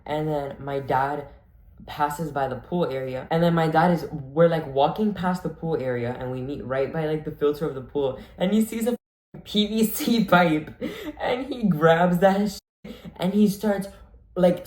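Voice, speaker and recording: A man casually telling a storytime vlog, rambling breathlessly and filling his sentences with "like". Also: a little high. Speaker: vlogger. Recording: echoey room.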